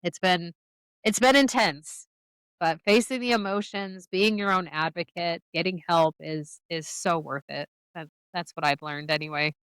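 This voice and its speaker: Woman guest on a podcast, smooth lowish voice, reflective and soft, dry close sound. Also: unhurried, no room sound, low-quality recording. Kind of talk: reading a poem, then casual talk.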